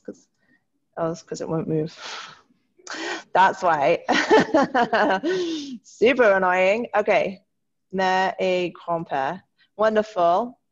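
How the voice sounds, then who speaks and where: A woman teaches a French class online over a video call, encouraging her students and slowing down to model the French words. Her voice is on the low side and the sound is lo-fi.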